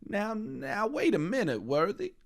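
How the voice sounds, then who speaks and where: A man's voice: sits high, huge pitch swings, background noise, voice pushed up, heavily acted. A man doing a sinister Southern police chief drawl. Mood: menacing. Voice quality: slow, deliberate drawl. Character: sinister smooth-talking older male police chief. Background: game music.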